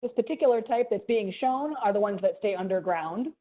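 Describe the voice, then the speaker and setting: A museum educator with a mild Ohio accent gives an animated, playful science lesson to children over a video call, adding little sound effects. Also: female voice, medium pitch, a little fast. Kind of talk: live online science lesson for kids. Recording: tinny video call audio.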